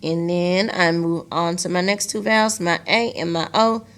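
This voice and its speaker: Addressing her young students directly, a female teacher slowly breaks words into syllables during a recorded lesson. Her pitch is fairly low and her intonation stays fairly even.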